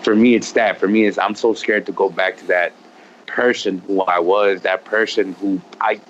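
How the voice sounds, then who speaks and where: Midwest guy, kinda low voice, earnest and rambly, dull lo-fi sound with a little hiss. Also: steady tone, normal speed. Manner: earnest, heartfelt, many "like" fillers and restarts. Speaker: podcast guest. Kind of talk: candid conversational storytelling. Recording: dull lo-fi with faint noise.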